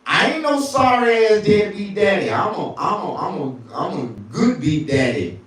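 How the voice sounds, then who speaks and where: A male stand-up comedian telling crude stories, often jumping into falsetto. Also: lively intonation, moderate pace, a bit bright, heavy reverb, recorded from a distance. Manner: crude, storytelling, swings into falsetto.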